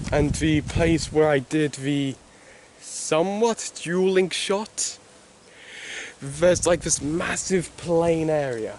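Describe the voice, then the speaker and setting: A man's voice: a little high, slight background noise. A man casually talking through a video game as he plays it, rambling and restarting his sentences. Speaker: gaming video host.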